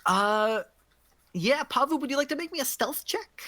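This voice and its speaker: A woman's voice: high voice, expressive, fairly bright tone. Woman running a tabletop game. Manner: casual, with many fillers and quick laughs. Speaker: game master.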